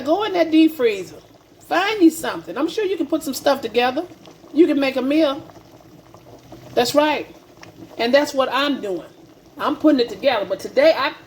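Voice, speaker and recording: A chatty woman talks viewers through a home-cooked meal in her kitchen. Her voice sits a little high, and she repeats herself and calls her audience family. A faint hum of the room lies behind her. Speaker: cooking channel host. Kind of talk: casual cooking vlog.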